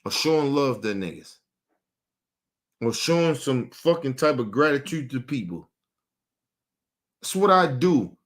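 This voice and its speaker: A man's voice: medium pitch, sing-song, a little slow, long pauses, fairly bright tone. A man hosting a show, ranting angrily in with heavy swearing and a lot of repetition. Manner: angry, repeats himself, swears heavily. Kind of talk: heated on-air rant.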